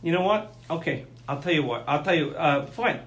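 High-voiced guy teaching torah, lively, keeps asking "right?", echoey room. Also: moderate pace. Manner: animated, frequent "okay?" and "right?" checks. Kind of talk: conversational Torah class.

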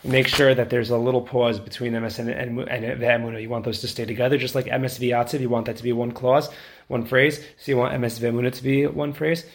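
A man teaching how to lead prayer, explaining quickly in plain talk and then chanting the tunes slowly to show them. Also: medium pitch, little pitch movement. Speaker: prayer leader instructor. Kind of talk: teaching lesson with chanted demonstrations.

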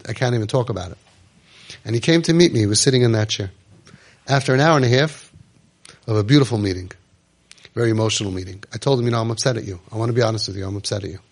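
A man delivers an impassioned, emotional talk to parents, performing the voices of parents and children and dropping into soft, low tones.

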